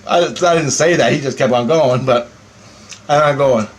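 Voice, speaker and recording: A man telling a story in a rambling, profane monologue, swearing constantly and getting animated as he tells it. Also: medium pitch, moderate pace. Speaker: vlogger.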